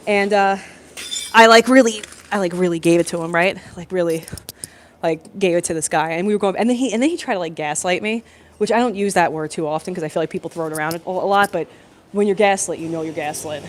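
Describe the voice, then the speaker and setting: A young woman telling a work story on a live stream from her phone, chatty and animated, with lots of fillers and laughs. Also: mid-range voice, brisk, a little hiss or hum. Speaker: plumbing apprentice vlogger. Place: construction site building, indoors. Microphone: phone held in hand.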